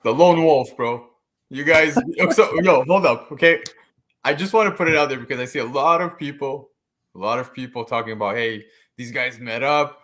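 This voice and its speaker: A man joining a casual livestream chat as a guest, playful and teasing with high energy. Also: animated, normal speed, a bit bright. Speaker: guest co-host.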